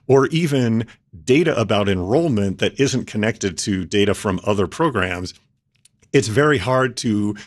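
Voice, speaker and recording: A man answering interview questions, laying out his points in a measured, methodical way. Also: fairly low pitch. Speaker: policy expert guest.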